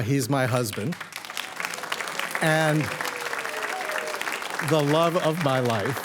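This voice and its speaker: A man in his sixties telling a personal story on stage to a live audience, lively and animated with quick asides. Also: medium pitch, slight background noise.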